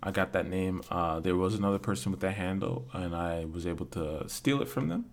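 Easygoing young man with a deep voice. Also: brisk, gravelly. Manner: easygoing, stammers on restarts. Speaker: podcast guest. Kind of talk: casual podcast chat.

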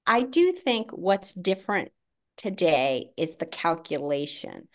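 Measured woman explaining as a podcast guest. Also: lowish voice, sing-song. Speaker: podcast guest, education policy worker. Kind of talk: casual podcast conversation.

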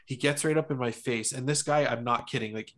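This young adult man speaks in a mid-pitched voice, laid-back and profane as he recounts a story. He talks casually and tosses in short agreeing interjections. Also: a little fast, a bit bright. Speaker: podcast co-host.

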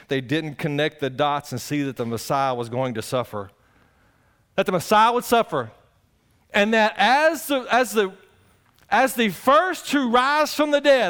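A male pastor preaching a conversational sermon, swinging between loud exclamations and quiet asides. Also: a little high.

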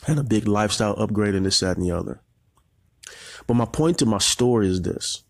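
A man's voice: fairly low pitch, lively intonation, fairly quick, vocal fry, no room sound. A man in his forties, a marketing coach, giving an emotional motivational talk, holding back tears and repeating phrases as he tells his story.

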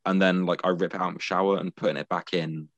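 A man's voice: deep voice, little pitch movement, quick pace, fairly bright tone, no echo, lo-fi sound. A British man co-hosting a podcast in casual, bashful, self-deprecating banter. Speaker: podcast co-host. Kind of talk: casual chat.

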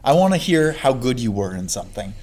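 Give me a man with a swooping, expressive voice, spinning a funny story in casual chat. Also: mid-range voice, fairly quick. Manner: animated, laughing storyteller. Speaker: podcast host.

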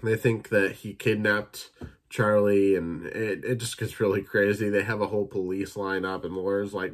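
A young man hosting a casual solo podcast, rambling and swearing as he retells movie scenes in quick impressions. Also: lowish voice, little pitch movement. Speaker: podcast host reviewing films.

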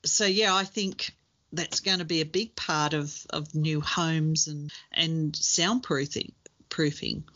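A woman's voice: low voice, fairly even intonation, takes it slowly, bright, forceful tone. Lo-fi recorded woman podcast co-host. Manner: thoughtful, laughs easily, hesitant fillers. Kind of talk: casual chat. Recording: dull lo-fi sound.

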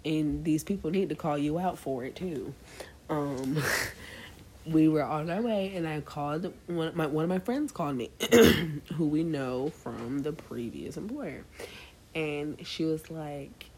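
Young woman podcast co-host, lively casual storyteller, talks straight to listeners. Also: sits low, measured pace, a little hiss or hum. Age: young adult. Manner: animated storyteller addressing listeners as y'all. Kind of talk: casual chat.

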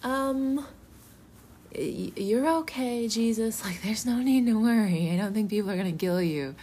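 A woman's voice: fairly low pitch, animated, takes it slowly, a little mellow, exaggerated voice. A woman voicing an earnest adult male fisherman apostle who talks in a casual, reassuring way. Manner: casual and reassuring, full of "like" and "whoa".

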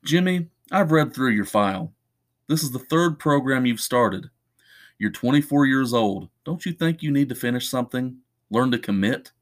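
A man's voice: mid-range voice, animated, normal speed, lightly acted. A man reading the part of a stern, frustrated woman professor who lectures pointedly, in an audiobook story. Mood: lecturing.

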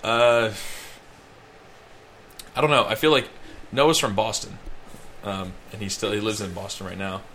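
A man's voice: fairly low pitch, steady tone, a little slow, long pauses, fairly bright tone, a little hiss or hum. A young man co-hosting a podcast, telling a long rambling story in casual chat. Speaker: podcast co-host.

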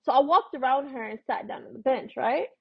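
A woman's voice: sits high, lively intonation, fairly quick, gravelly, husky, dry recording. A woman, hosting a podcast and telling a profane, blunt story in a casual rant. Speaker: podcast host. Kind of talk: casual ranting monologue. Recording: dull lo-fi recording.

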